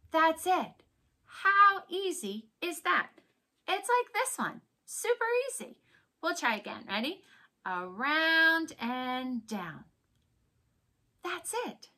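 A young woman teaching letters to small children in an encouraging, sing-song way, slowing down and exaggerating her words. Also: sits high, pushed and bright. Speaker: preschool teacher.

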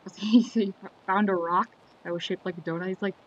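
This man, a video creator, rambles casually over a quotes compilation, drifting off his point and correcting himself. His voice sits high and a bit bright, fairly quick with fairly even intonation. The recording is slightly dull lo-fi with faint background noise.

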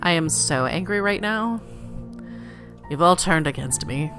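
A let's play gamer reads a video game's dialogue aloud, adding playful commentary and giving the characters varied voices. Her voice is on the low side, unhurried, with lively intonation, and faint game music plays behind her.

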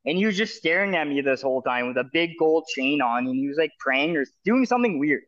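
A man from Canada tells his story in a rambling, casual way, piling up fillers and restarts and acting out other people's lines. His voice sits somewhat high for a man. The sound is a bit dull and lo-fi. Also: animated, fast, fairly bright tone. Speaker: guest telling his story.

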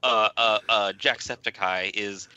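A man appearing as a guest on a casual podcast, playful and quick to laugh. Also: lowish voice, fairly even intonation, sharp tone, highs cut off.

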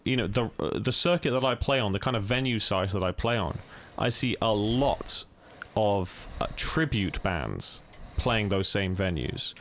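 A man's voice: lowish voice, animated, a little slow, hardly any pauses, a bit bright. A man with a British accent, chatting enthusiastically as a podcast guest. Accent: British English. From England. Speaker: podcast guest, touring guitarist. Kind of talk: casual podcast chat.

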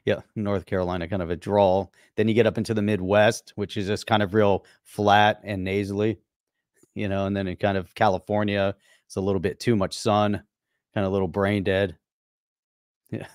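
A man's voice: fairly low pitch, flat delivery, moderate pace, darkish tone, dry recording, studio quality. A man from the United States co-hosting a live podcast stream, easygoing and often laughing. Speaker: podcast co-host. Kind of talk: casual live-stream chat.

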